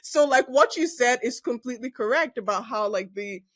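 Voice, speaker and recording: A woman with a Nigerian English accent and a slightly high voice hosts a relaxed interview. She talks with lively emphasis, laughs freely and often circles back to finish a thought. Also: moderate pace. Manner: animated and emphatic, laughs often, trails off and restarts. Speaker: podcast host. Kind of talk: casual conversational interview.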